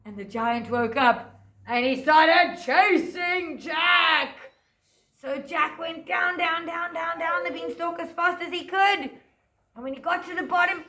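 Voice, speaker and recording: Teacher lady reading a fairy tale to little kids then doing crafts, bright voice, slow, echoey room. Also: extremely high pitch. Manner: gentle, sing-song, drawn-out words. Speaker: preschool teacher. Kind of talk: storytelling and craft lesson for children.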